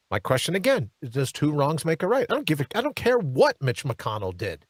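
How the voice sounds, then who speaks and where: Lively, emphatic male talk host. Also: a little high, fairly quick, hardly any pauses, no room sound. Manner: emphatic, hammering rhetorical questions, mocking asides. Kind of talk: political commentary monologue. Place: studio.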